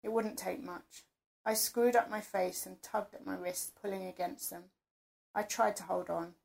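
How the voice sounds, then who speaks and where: A woman narrating an intimate first-person audio story in a soft, close, breathy storytelling manner. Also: mid-range voice, fairly even intonation, normal speed.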